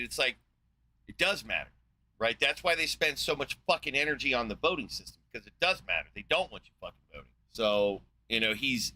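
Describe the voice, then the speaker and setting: A sharp, bright-toned man at mid pitch tears into what he is watching, swearing constantly and spitting contempt. He talks as a live-stream host, heated and mocking, building into a scornful rant. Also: poor audio. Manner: ranting, profane, scornful. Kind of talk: heated reaction commentary.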